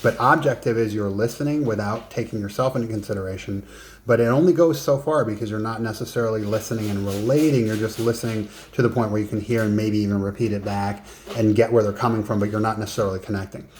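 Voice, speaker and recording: Low-voiced male coach, talking to camera. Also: quick pace, a little mellow, slight background noise. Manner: conversational and emphatic, with joking asides. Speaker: business and life coach. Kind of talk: casual coaching lesson to camera.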